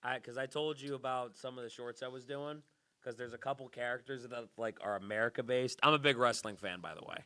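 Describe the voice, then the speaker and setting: Young guy hosting a podcast, laid back, quick with the jokes, bright voice. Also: mid-range voice. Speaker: podcast host. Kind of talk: casual podcast chat.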